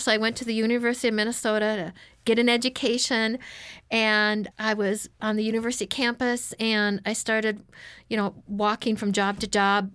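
A woman's voice: a little high, level tone, moderate pace, a bit bright, clean tone, no room sound. A woman guest on an interview, telling her life story in an earnest, emotional way. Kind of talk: personal testimony in an interview.

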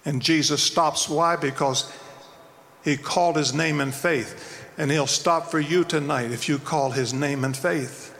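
A man preaching with a high, bright, forceful voice that rings through a hall with a long reverb. He tells the story dramatically and acts out the quotes. Faint noise sits behind him. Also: fairly even intonation, unhurried, vocal fry. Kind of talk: evangelistic sermon.

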